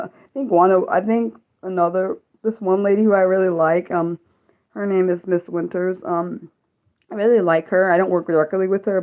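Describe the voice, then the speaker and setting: A young woman chatting casually on a live stream, rambling and halting with many restarts and ums. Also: lowish voice, mellow, highs cut off.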